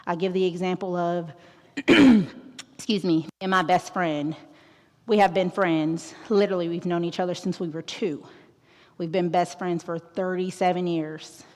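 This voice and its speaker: An outgoing woman in her thirties presents to a school crowd, slightly low-pitched and playful. She jokes often and keeps tossing out "right?". Her voice carries a long auditorium echo. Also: a little slow, a little mellow. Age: 30s. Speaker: guest presenter. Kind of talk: school talk on mental health. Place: large auditorium.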